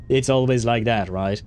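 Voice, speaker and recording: A man's voice: medium pitch, darkish tone. A man streaming a game, chatting along in a rambling way and often chuckling. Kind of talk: casual let's play commentary.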